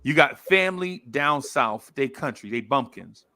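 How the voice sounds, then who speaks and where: Here a man spins a tale during a laid-back podcast chat, animatedly impersonating the people involved and often saying things twice to drive them home. He speaks at a mid-range pitch and at a slightly slow pace.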